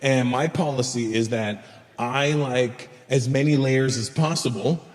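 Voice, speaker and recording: A man's voice: mid-range voice, measured pace, darkish tone. Stand-up comic man in an echoing hall. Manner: storytelling with acted dialogue and crude jokes. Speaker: stand-up comedian. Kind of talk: stand-up comedy set. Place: large live venue with laughing audience. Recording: roomy echoing hall, faint ambience.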